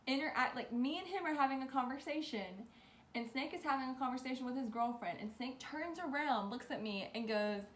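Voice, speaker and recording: A young woman telling a rambling storytime, animated and full of "like". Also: high voice, brisk, slight background noise. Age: young adult. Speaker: vlogger. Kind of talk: casual storytime. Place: bedroom. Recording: echoey room with faint ambience.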